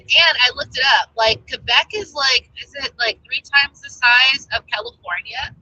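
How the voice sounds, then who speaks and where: A woman's voice: high-pitched, moderate pace, bright, forceful tone, slight background noise, rough recording. An American woman talking casually as a travel vlogger, rambling and chatty with many fillers. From United States. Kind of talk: casual chat.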